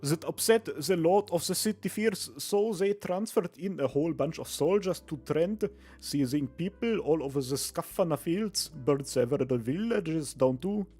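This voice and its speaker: A man's voice: on the high side, lively intonation, moderate pace, warm tone, husky, faint music behind. A man doing a weary villager in a put-on Irish lilt. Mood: resigned.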